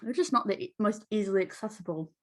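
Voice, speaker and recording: An American woman co-hosting a podcast in casual chat, animated and playful, often giggling. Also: mid-range voice, fast talker. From United States. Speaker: podcast co-host.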